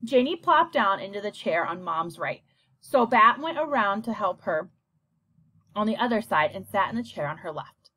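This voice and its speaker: A woman narrating a children's novel with an expressive, even-paced reading. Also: mid-range voice, moderate pace. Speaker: audiobook narrator. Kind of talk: scripted storybook narration.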